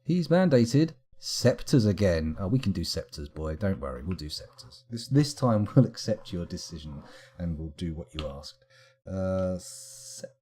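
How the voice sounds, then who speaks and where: A man's voice: low-pitched, big pitch swings, moderate pace, warm tone, husky. A man giving live, casual commentary while streaming a game, rambling along with wry asides.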